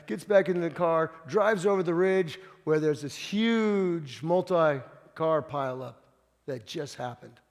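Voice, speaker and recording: A man preaching a conversational sermon, with frequent stumbling repeats, swinging between loud and hushed. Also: fairly high pitch, big-room sound. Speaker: pastor.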